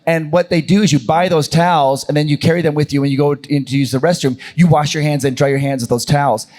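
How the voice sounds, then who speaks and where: A man hosting a convention panel, telling stories in a chatty, animated way. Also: on the high side, fast. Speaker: panel host and channel creator. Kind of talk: casual storytelling on a convention panel.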